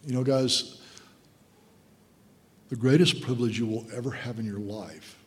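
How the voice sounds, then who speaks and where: A guest preacher, a man in his sixties with a fairly low voice, delivers a sermon testimony, telling an emotional story and addressing listeners as "guys." The recording has long hall reverb and slight background noise.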